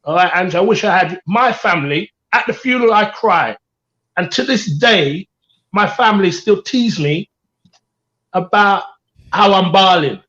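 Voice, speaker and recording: A man's voice: high voice, animated, a little slow, a bit bright, highs cut off. A middle-aged man co-hosting a candid panel chat, earnest and reflective, repeating his key phrases. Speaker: co-host.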